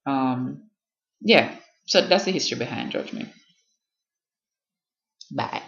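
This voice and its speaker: A woman's voice: very deep voice, expressive, takes it slowly, vocal fry, a bit bright. A young Jamaican woman with a Jamaican accent, talking emphatically to camera in a casual vlog and switching between patois and standard English. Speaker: vlogger. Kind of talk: spoken-word piece then casual vlog talk. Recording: echoey room, slightly dull sound.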